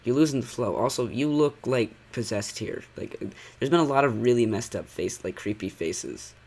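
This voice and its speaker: A man's voice: medium pitch, expressive, normal speed, creaky, a little mellow. Sarcastic man ranting in commentary. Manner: sarcastic, rambling, heavy use of "like". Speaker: channel critic.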